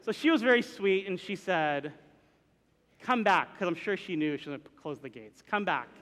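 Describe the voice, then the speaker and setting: A man with a high, bright voice tells a story live before an audience. He is animated and acts out the voices and sounds in it. His voice carries a long reverb from a large hall. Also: brisk. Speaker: minister telling a personal story.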